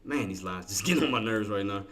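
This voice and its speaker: Bright-voiced man chatting through live trades. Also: lowish voice, expressive, quick pace. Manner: thinks aloud and chats with viewers; casual slangy talk. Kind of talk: live trading commentary.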